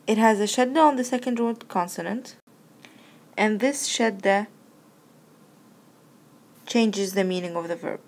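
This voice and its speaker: A woman with a mid-range voice gives a recorded language lesson. She explains each verb pattern patiently, one step at a time. She recites the conjugations slowly and clearly. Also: medium pitch. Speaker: Arabic teacher.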